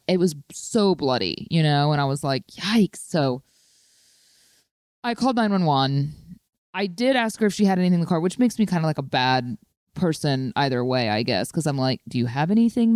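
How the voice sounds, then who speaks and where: A woman telling a story in casual chat, chatty and animated, with lots of "like" fillers. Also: low voice, no echo, studio quality.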